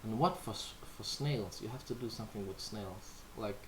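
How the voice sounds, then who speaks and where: With a noisy background behind him, a Danish man speaks at a normal speed in a lowish voice. He's a livestream host whose first language is Danish, casually chatting and answering viewers, playful and full of filler words.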